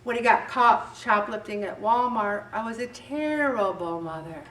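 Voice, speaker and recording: A middle-aged woman leading a faith-based weight loss group, talking in an animated way and acting out bits of dialogue. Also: on the high side, moderate pace. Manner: animated, acts out dialogue with voices. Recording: echoey room, distant mic, faint background noise.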